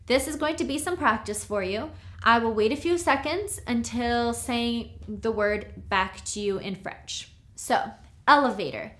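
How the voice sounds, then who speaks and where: A woman teaching a recorded language lesson, drilling words slowly and checking in with "okay?". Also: fairly high pitch, a bit bright. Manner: slow, clear drilling of words with frequent "okay?". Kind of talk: recorded lecture.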